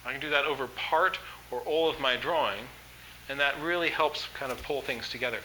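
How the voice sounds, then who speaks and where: A man's voice: medium pitch, a little fast, bright, forceful tone, slight background noise, low-quality recording. A man teaching an art workshop, talking in an enthusiastic, conversational way with frequent fillers. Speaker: art instructor. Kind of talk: workshop lecture.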